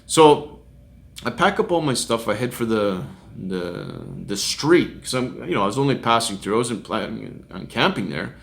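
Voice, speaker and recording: A middle-aged male street minister tells a testimony in a loose, conversational way. He chuckles often and slips into quick impressions of the people in his story. His voice sits at an ordinary male pitch. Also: lively intonation, gravelly. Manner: chuckles often while recounting, acts out quoted voices.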